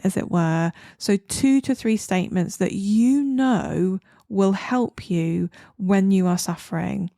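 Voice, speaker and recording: A woman psychologist with an Australian accent giving calm, soothing advice on a podcast, sometimes slowing down to a whisper. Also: medium pitch, no echo, studio quality. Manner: calm, soothing, slows down and drops to a whisper on key words.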